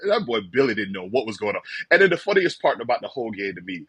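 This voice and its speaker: A man's voice: mid-range voice, fast talker, hardly any pauses, slightly rough, dry recording. A man co-hosting a fan call-in show, chatting casually about college football and telling stories with mock quotes. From rural southern United States. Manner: animated storytelling with mock quotes and laughter. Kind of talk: casual sports talk.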